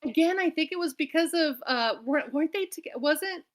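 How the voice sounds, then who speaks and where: A woman's voice: high voice, lively intonation, brisk. An American woman co-hosting a book club, talking in a rambling, chatty way that jumps between tangents. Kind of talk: casual chat.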